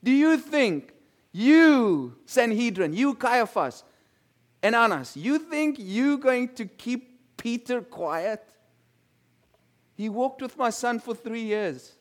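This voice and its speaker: A man's voice: extremely high pitch, sing-song, takes it slowly, pitched above the performer's own voice, full character voice. A male preacher playing God as an amused, all-powerful figure, firing incredulous, mocking questions from heaven. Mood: scoffing.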